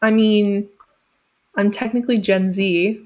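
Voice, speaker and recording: A woman's voice: medium pitch, fairly even intonation, unhurried, darkish tone. 20-something woman, giggly and rambly, lots of ums, reading chat questions. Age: 20s. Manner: chatty and giggly, many ums and likes. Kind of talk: casual livestream Q&A.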